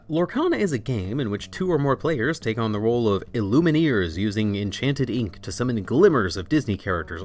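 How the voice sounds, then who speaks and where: A young man hosting a scripted, comedic review with a sarcastic, irreverent delivery. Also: medium pitch. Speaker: video essay host.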